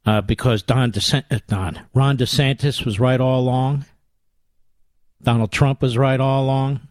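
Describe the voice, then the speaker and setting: An older man holds forth on talk radio, combative and biting, leaning hard on his words. His voice sits at an ordinary pitch and comes through a close studio mic with a dry, dead sound. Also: fairly even intonation, normal speed, dry recording. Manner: combative, sarcastic, emphatic. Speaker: radio talk show host. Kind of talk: political talk radio monologue with ad reads. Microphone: studio microphone.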